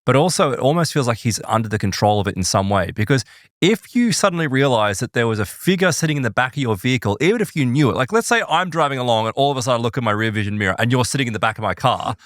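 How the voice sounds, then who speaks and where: A man's voice: medium pitch, expressive, no echo, studio quality. A man co-hosting a podcast, chatting casually and jumping in with questions. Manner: chatty, quick to jump in with questions. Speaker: podcast co-host. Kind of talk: casual conversation.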